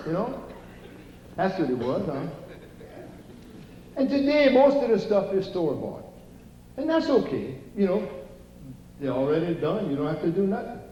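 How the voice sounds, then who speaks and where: An older Cajun man spins folksy jokes from a theater stage, chatting with the crowd as he goes. His voice sits a bit high for a man. The sound is distant and roomy, with a dull, muffled quality. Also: darkish tone, a little hiss or hum. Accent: Cajun Louisiana. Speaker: stand-up storyteller. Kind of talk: live stand-up comedy. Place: theater stage before a live audience.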